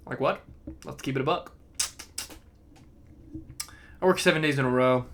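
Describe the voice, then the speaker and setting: A tired young man hosting a casual solo podcast, rambling and self-deprecating, drifting between topics and often trailing off into a low mumble. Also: sing-song, normal speed, long pauses, fairly bright tone. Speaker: podcast host.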